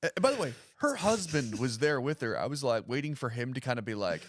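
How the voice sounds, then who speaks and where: Man, thirties, from the US, stand-up comedian, podcast guest, wry self-mockery, animated storytelling, dry close sound. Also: mid-range voice, brisk, no room sound. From United States. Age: 30s. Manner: animated storyteller who acts out other people's voices; dry, self-mocking humor. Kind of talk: casual podcast chat.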